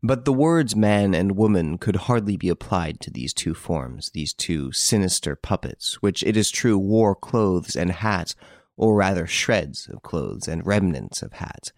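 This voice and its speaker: A man narrating a novel aloud in an expressive, varied storytelling manner. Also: low-pitched, no room sound, studio quality. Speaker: audiobook narrator. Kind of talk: scripted narration.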